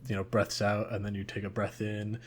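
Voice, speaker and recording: A man's voice: on the low side, monotone, moderate pace, a little hiss or hum. A young man co-hosting a podcast in casual chat, rambling and hesitant with many fillers. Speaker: podcast co-host.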